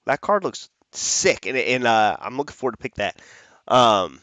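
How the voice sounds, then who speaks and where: His pitch swings widely around a mid-range center as this man, host of an MMA picks show, casually predicts fights at normal speed. The tone is fairly bright and the recording dry, and his chatty delivery wanders with frequent restarts and self-corrections.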